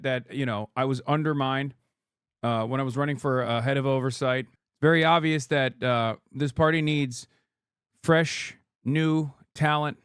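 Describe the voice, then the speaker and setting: A male streamer riffs on the news in a sarcastic, mock-speechifying way. His voice is smooth and resonant, recorded close and dry with no room sound. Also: medium pitch, steady tone, normal speed, no echo. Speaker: streamer host. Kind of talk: live-stream reaction commentary.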